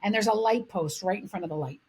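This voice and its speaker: A middle-aged Canadian woman co-hosts a podcast, swearing freely as she tells animated stories in casual chat. Her pitch sits in the middle, she talks fast, and the recording is very noisy.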